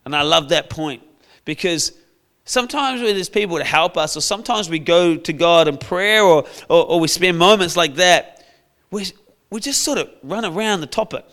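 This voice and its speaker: A man preaching a sermon, telling a Bible story in a playful, lively way. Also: fairly high pitch, normal speed. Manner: storytelling, playful, acts out characters with shouts.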